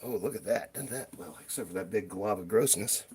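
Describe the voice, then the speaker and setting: At home by a toy shelf, a livestream host cleans the shelf while chatting playfully with his viewers on a casual stream. His voice is fairly low, fairly quick, husky and a little mellow.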